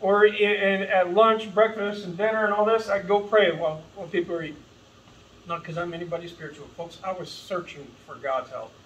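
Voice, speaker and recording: A man's voice: high-pitched, steady tone, fairly quick, a bit bright, far from the mic, a little hiss or hum, poor audio. A man preaching an earnest, impassioned sermon as pastor, calling his listeners folks. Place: church sanctuary.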